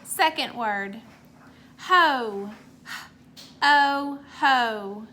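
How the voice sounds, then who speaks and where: Slow, bright-voiced woman teacher sounding out words. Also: sits high, animated. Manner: encouraging praise after each answer. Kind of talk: remote phonics lesson for young children.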